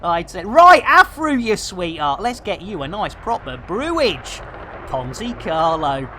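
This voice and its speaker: A middle-aged Englishman from Barnsley in Yorkshire chats through a live game stream, joking around and leaning on catchphrases. His voice is high-pitched and very animated, though his pace stays measured, and there's plenty of noise in the background.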